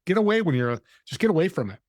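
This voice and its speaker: A man guest on a podcast, telling a story in an animated way and acting out the dialogue. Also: a little high, fast talker, no room sound, studio quality. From California.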